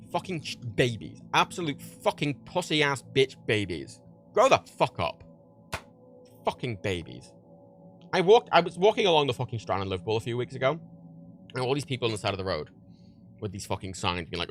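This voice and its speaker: A man rants on his livestream, swearing freely and pressing his points with heat. His mid-pitched voice swings up and down with a lively, animated delivery. Faint music plays behind him. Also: fairly quick. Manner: heated, profane, animated. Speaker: livestream host. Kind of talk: ranting livestream monologue.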